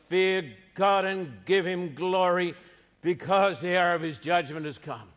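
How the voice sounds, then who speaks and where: A man's voice: sits high, unhurried, fairly bright tone, in a large hall. A man preaching a sermon, emphatic and repeating his key phrases.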